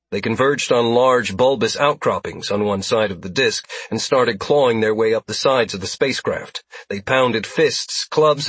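Brief: a husky man reading action fiction aloud, steady delivery, dry close sound. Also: lowish voice, no room sound. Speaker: audiobook narrator. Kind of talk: scripted narration.

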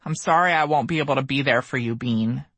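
A man's voice: mid-range voice, fairly quick, a bit bright, no room sound. A man voicing a young man with terminal cancer, frightened and tearful, pleading through sobs. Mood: tender grief. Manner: sobbing, pleading.

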